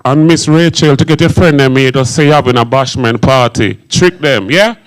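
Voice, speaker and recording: A man's voice: medium pitch, moderate pace, poor audio. A man from Zimbabwe performing on stage as an entertainer, speaking with patois-inflected English and leading the crowd in call-and-response. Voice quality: Caribbean-inflected patois speech. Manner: energetic, hyping the crowd. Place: event hall.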